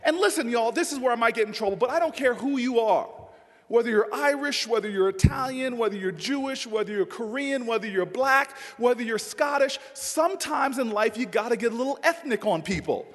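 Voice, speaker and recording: A man giving a humorous dinner speech, telling an animated story and often shouting. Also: extremely high pitch, fairly quick. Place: large dinner hall. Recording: long hall reverb, faint noise.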